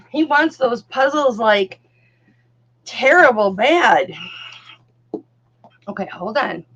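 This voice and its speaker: A woman's voice: on the high side, very animated, very slow, long pauses, breathy edge, dull audio. An older woman hosting a live jewelry auction stream from home, chatting casually and cooing at her puppy. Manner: chatty, talks baby-talk to her puppy. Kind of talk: casual livestream chat.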